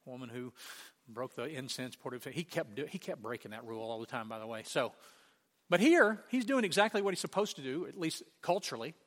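A man with a mid-range voice preaches a sermon animatedly, acting out quotes and putting questions to the congregation. A long hall reverb surrounds him.

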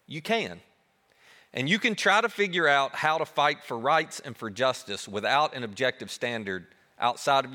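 Animated preacher man in a big echoing hall. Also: medium pitch. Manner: animated preaching, dropping soft on key words. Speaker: pastor. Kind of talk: sermon.

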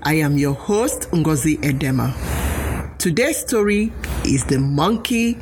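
A woman hosting a storytelling show, narrating a children's tale in a slow, expressive way. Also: low-pitched, background noise. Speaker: storytelling host.

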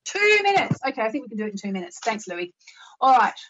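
A woman's voice: mid-range voice, fast talker. Chatty Australian woman host. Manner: chatty and rambling, with filler words. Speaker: spiritual live-show host. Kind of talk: casual live-stream chat. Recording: muffled lo-fi recording.

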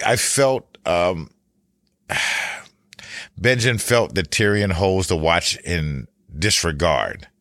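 A man talking through a TV series recap and analysis in a thoughtful, casual way, pausing and restarting as he goes. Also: low-pitched, a bit bright, dry recording, studio quality. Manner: thoughtful, with frequent pauses and restarts.

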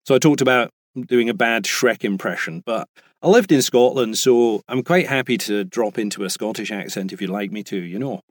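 A British voice actor chatting as a guest in an interview, talking easily with frequent restarts. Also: male voice, fairly low pitch, normal speed, no echo, studio quality. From Britain. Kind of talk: casual interview chat.

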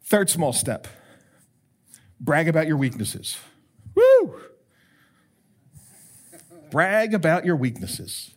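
A man preaching as a pastor, animated and rising to emphatic calls, with quoted prayers acted out. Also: fairly high pitch, takes it slowly, pauses often. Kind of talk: sermon.

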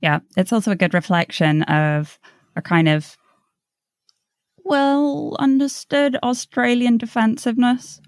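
A woman's voice: fairly high pitch, unhurried, a little mellow, dry recording. A woman co-hosting a book podcast, making dry, wry remarks and murmuring agreement. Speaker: podcast co-host. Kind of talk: casual book podcast chat.

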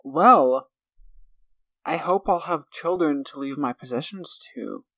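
A woman's voice: low voice, slow pace, fairly bright tone, no echo. A woman co-hosting a casual podcast chat, giggly and self-mocking, stumbling as she reads aloud. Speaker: podcast co-host.

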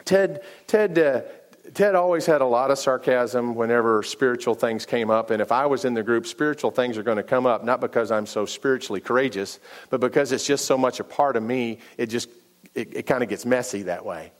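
Middle-aged male pastor in a sermon, animated storyteller, jumps up in pitch for quoted dialogue, frequent restarts. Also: brisk. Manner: animated and repetitive, many restarts, acts out dialogue.

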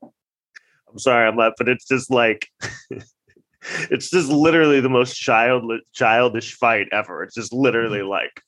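A man's voice: mid-range voice, a little slow, pauses often, a bit bright. Laughing, profane male vlogger. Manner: laughing often, profane, rambling. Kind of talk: casual commentary.

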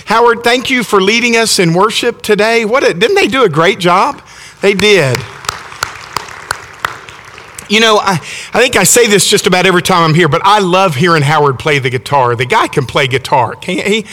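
A middle-aged man from Alabama preaches with a Southern accent, folksy and enthusiastic, often stumbling and starting over. His voice sits high and bright. The sound carries the long reverb of a church sanctuary. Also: expressive, fairly quick. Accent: Southern American. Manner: folksy, enthusiastic, frequent restarts. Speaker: visiting preacher. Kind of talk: sermon with storytelling.

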